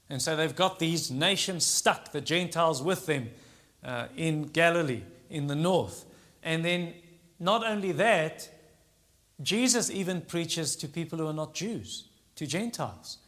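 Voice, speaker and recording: An Afrikaans-accented man preaching to his congregation, a native Afrikaans speaker. His voice sits a little high for a man. He teaches earnestly and often repeats a word while working toward his point. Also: fairly bright tone. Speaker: pastor. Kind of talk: sermon.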